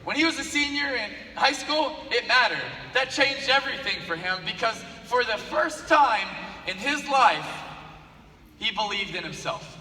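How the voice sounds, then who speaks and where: Speaking at a measured pace in a very high voice, a man tells a story as part of a motivational speech. He is animated and repeats phrases to drive his points home. It was recorded far off in an echoey hall, with faint ambience around him.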